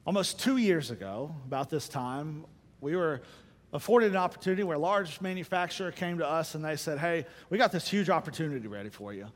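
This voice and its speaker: A middle-aged man giving a church sermon, telling a personal story in an animated way and acting out the people he quotes. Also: fairly high pitch, a little fast, big-room sound. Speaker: speaker giving a church message.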